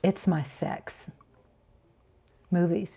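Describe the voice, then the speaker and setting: A woman's voice: fairly low pitch, steady tone, extremely slow, creaky, mellow, slightly rough. A woman in her fifties hosting a casual livestream, reading chat comments aloud with playful giggles and little sung riffs. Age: 50s. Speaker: livestream host.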